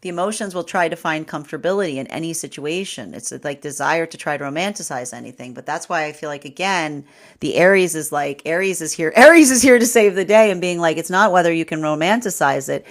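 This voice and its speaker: Woman, lower pitch, tarot reader, live astrology reading, rambling, lots of fillers, laughs often. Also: lively intonation, fast.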